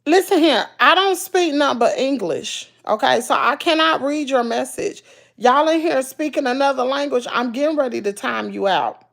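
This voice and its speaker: A woman's voice: sits high, normal speed, gravelly, fairly bright tone. A woman with a Southern US accent chatting casually to her livestream viewers, folksy and preachy, repeating herself for emphasis. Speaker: YouTuber talking to live chat.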